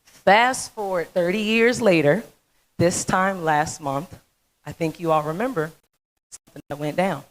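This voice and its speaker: Folksy storyteller woman, low-pitched. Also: unhurried, poor audio. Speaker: dentist speaker. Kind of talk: motivational conference talk.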